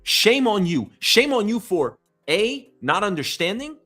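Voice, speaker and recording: Guy from new york going off on a rant, high voice swinging all over, swears a lot. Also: big pitch swings, a little slow, sharp tone, soft background music. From New York City. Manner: angry, profane, emphatic. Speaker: host. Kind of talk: ranting commentary. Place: home.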